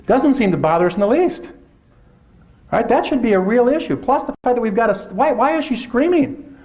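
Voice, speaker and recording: Guy lecturing teachers at a workshop, pretty high voice, animated, keeps doing little voices. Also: a little fast. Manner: lively, acts out teachers in put-on voices. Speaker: workshop presenter. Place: lecture hall.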